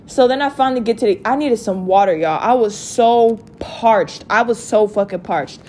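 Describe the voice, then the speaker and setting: Profane, animated young woman ranting. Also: a little high, normal speed, a little hiss or hum. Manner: profane, animated, talks straight to viewers. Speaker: vlogger. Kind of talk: casual storytime rant.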